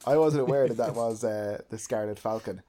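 A young man co-hosting a podcast in casual chat, rambling with lots of fillers and getting animated. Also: fairly low pitch, fairly quick. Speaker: podcast co-host.

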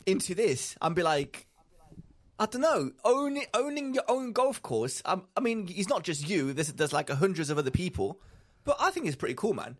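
Lively man, fairly high voice. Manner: excitable, rambling, laughs often, trails off mid-thought. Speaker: podcast co-host. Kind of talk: casual chat.

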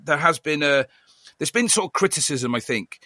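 A man hosting a casual podcast chat, talking in quick bursts with many restarts. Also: on the high side, animated, bright, forceful tone, no echo, clean studio sound. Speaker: podcast host.

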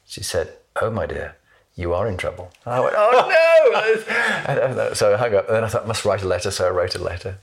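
A man's voice: low voice, fast, gravelly. A man hosting a conversation, telling an anecdote and acting out the voices of the people in it. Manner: animated, acts out voices in anecdotes. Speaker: podcast host. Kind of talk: storytelling in casual interview.

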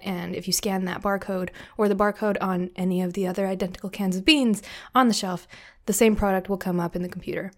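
A woman co-hosting a podcast, giving casual, encouraging advice with lots of ums. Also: mid-range voice. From Canada. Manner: friendly, encouraging, filler-heavy with frequent ums. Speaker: podcast co-host.

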